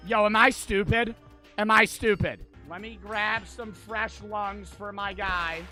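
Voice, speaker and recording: A man's voice: high-pitched, steady tone, takes it slowly, soft background music. Frantic, swearing young male streamer. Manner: loud, frantic, swearing outbursts. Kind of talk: live gameplay commentary.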